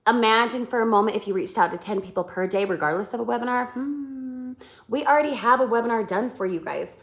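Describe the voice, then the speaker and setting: A woman coaching her sales team in a live webinar, animated, acting out sample messages and often checking that her listeners follow. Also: on the high side, fast talker. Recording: roomy echo.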